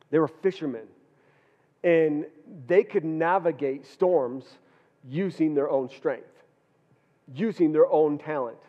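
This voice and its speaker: High-voiced preaching man in a hall. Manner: earnest preaching with frequent repeated words. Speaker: pastor. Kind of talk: sermon. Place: church hall. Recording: dull reverberant church hall.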